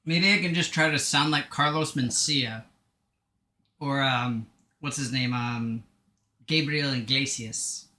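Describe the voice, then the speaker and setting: Guy rambling over his gameplay, bright lively voice, kinda echoey room. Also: mid-range voice, slow pace. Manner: chatty, jokey, self-mocking. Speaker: streamer. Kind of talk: casual gameplay commentary.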